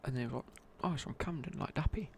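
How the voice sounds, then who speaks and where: Gravelly whispering man, whispered ASMR chat. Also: a little high, fast, slight background noise. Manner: rambling, casual, many fillers and restarts. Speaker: ASMR creator.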